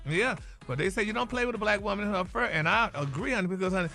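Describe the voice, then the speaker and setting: A man's voice: high-pitched, expressive, rapid-fire, bright, forceful tone, faint music behind. A man hosting a gossip segment on a radio morning show, flamboyant and dropping "honey" and "y'all" into nearly every sentence. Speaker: celebrity gossip segment host.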